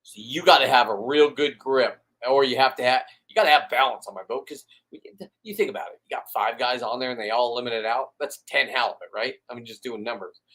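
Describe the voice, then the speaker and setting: A man talks casually on a live stream as the fisherman hosting it. He rambles bluntly, swears freely, and restarts words as he goes. His voice sits at an ordinary pitch for a man. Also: fairly even intonation, brisk, hardly any pauses, fairly bright tone.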